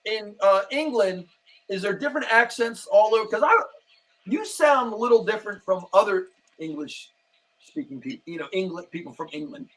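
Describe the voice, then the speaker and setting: High-voiced interview host. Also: male voice, animated, moderate pace, rough recording. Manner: curious, rambling questions. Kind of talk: casual interview chat.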